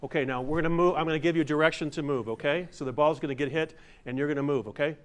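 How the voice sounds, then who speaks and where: A man's voice: a little high, very fast. An older man teaching a masterclass to a live audience, guiding them through standing exercises and jokingly acting out overblown stage lines. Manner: playful, demonstrative, acts out overblown theatrical lines. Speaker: masterclass presenter. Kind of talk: workshop lesson with audience exercises.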